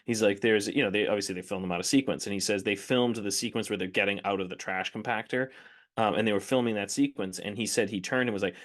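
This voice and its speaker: A man's voice: on the low side, fast talker. A man co-hosting a podcast, chatting enthusiastically about movies and telling anecdotes. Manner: enthusiastic, animated storyteller. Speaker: podcast co-host. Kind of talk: casual film discussion.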